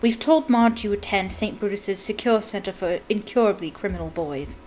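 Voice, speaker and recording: A woman's voice: medium pitch, moderate pace, darkish tone, a little hiss or hum, lightly acted. A woman reading aloud as a blustering, bullying middle-aged uncle who barks and snarls his threats. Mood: threatening.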